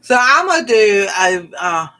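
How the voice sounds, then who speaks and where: A woman's voice: medium pitch, big pitch swings, measured pace, bright, forceful tone. A woman cooking vlogger telling a personal story in a casual, rambling way, with many fillers and exclamations. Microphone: livestream.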